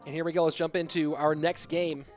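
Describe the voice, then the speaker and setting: High-voiced hyped male esports caster. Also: brisk, faint music behind. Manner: excitable, hyped shout-outs to viewers. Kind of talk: live game commentary reading chat.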